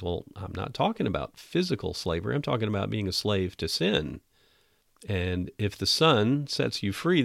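A man hosting a podcast Bible teaching, earnest and emphatic, reading scripture slowly. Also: on the low side, gravelly, no room sound, studio quality.

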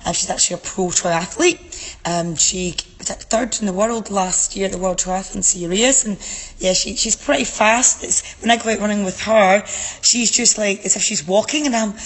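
A woman's voice: mid-range voice, moderate pace, husky, in a large hall. A woman from Scotland with a Scottish accent, chatting in a casual interview about her local event, with many fillers. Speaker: guest event organizer.

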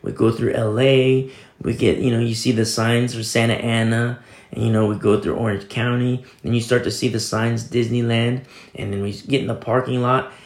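A man's voice: medium pitch, level tone, moderate pace, reverberant. A male pastor giving a sermon in a casual storytelling way, reading and quoting scripture as he goes. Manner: conversational, storytelling preaching with scripture quotes.

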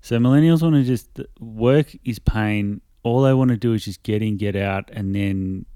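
A fairly low, smooth and clear male voice, recorded close and dry. He is a man in his thirties from Australia, chatting casually on a podcast and swearing often. When he quotes people, he slips into mock voices. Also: steady tone, a little fast, warm tone, no room sound. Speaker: podcast co-host. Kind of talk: casual chat.

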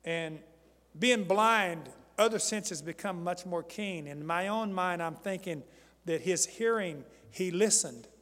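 A man preaching a sermon, repeating phrases, calling out to his congregation and building to loud, fervent emphasis. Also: sits high, slow pace, big-room sound. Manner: calls out to the congregation for responses.

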